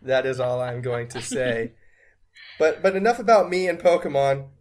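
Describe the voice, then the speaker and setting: A man's voice: mid-range voice, normal speed. An American man hosting a casual podcast, playful and self-mocking. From USA. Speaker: podcast host.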